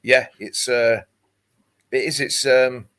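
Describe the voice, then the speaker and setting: A man's voice: medium pitch, steady tone, slow pace, fairly bright tone, clean tone. A man hosting a casual livestream, chatting with many fillers and reading out viewer comments. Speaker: livestream host. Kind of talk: casual chat.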